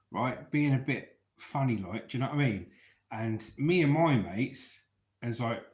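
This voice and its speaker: A man's voice: medium pitch, a little mellow. A man from England, telling stories from his youth to an online audience in a chatty way, often checking in with his listeners. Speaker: storyteller vlogger. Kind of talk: casual storytelling to an online audience. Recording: roomy echo.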